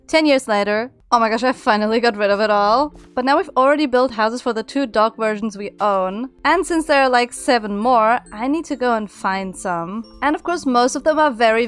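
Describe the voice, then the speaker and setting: A young woman chats her way through her game build in a playful, self-mocking voice-over. Her voice sits a touch high and comes across smooth and clean on a close mic. Soft music plays quietly underneath. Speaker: Minecraft YouTuber.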